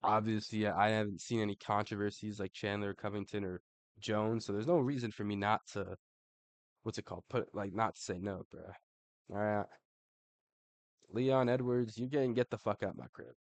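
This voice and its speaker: A young man with a lowish voice talks through a casual ranking, loose and profane and full of slang. He tacks "bro" onto almost every thought. The sound is close and dry, with no room echo. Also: fairly even intonation, normal speed. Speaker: MMA commentator.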